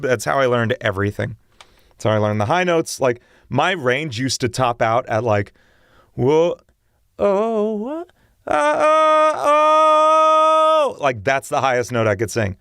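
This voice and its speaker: A man's voice: mid-range voice, fairly bright tone, no echo, studio quality. A man chatting casually with viewers on a livestream, talking eagerly about singing and voice technique. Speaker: streamer and singer.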